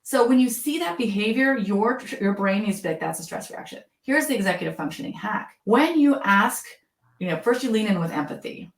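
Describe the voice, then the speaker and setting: Expressive woman in an echoey room. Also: medium pitch, a little fast. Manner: expressive, acts out teacher and student voices, laughs often. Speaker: school psychologist guest. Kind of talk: animated interview talk with acted-out examples.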